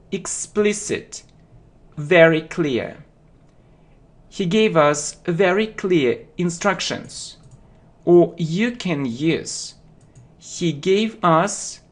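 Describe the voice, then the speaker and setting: Guy teaching words real slow, keeps saying yeah? and okay, repeats stuff. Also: high-pitched. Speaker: English teacher. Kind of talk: slow deliberate vocabulary lesson.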